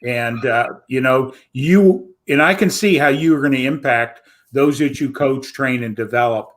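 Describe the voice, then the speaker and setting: A man hosting a show over a video call, speaking in a measured, affirming way. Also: medium pitch. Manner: measured, affirming, praising guest. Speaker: show host. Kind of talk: interview chat.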